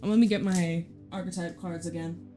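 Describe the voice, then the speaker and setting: A woman's voice: fairly low pitch, fairly even intonation, fairly quick, mellow, faint music behind. Chatty swearing woman reading tarot. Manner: chatty, blunt, swears freely, laughs often. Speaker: tarot reader.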